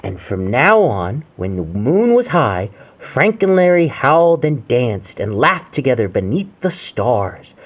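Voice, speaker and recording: A man's voice: medium pitch, big pitch swings, measured pace, few pauses. A man reading a picture book aloud to his young daughter, playful and sing-song, asking her questions as he goes. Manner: playful, sing-song, sprinkles in animal noises and questions to the child.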